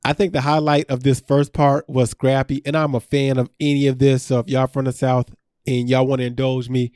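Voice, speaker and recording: Man, podcast co-host, casual chat, laughs a lot, warm tone, dry close sound. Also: medium pitch, little pitch movement, fairly quick, dry recording. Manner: laughs often, loose and conversational. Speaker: podcast co-host recapping a reality show.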